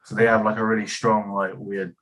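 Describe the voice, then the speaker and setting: A man's voice: on the low side, little pitch movement, a little fast, fairly bright tone, low-quality recording. An English man chatting casually on a podcast, a bit hesitant and self-deprecating. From England. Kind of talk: casual chat.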